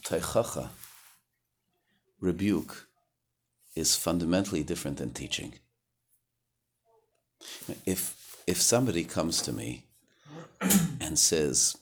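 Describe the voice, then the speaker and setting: A man's voice: deep voice, big pitch swings, slow pace, pauses often, breathy edge. A man giving a conversational Torah lecture, sometimes searching for words and rising sharply when he acts out quotes. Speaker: rabbi teaching Torah.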